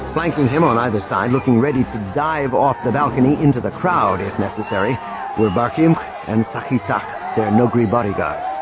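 A man narrating an audiobook in a dramatic, expressive reading. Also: medium pitch. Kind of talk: scripted narration. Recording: dull lo-fi recording with music.

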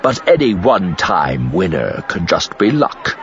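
Guy doing a smooth menacing crime boss, deep voice, hisses his words, kinda lo-fi. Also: very animated, a little slow, some chatter behind. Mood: calculating. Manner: quiet, clipped, hissing delivery.

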